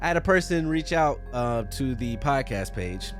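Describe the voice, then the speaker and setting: Lively, joking man hosting a solo podcast. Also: medium pitch, normal speed, soft background music. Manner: loose, profane, joking, plugs his channels. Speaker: podcast host. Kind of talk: casual solo podcast monologue. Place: room with a fan running.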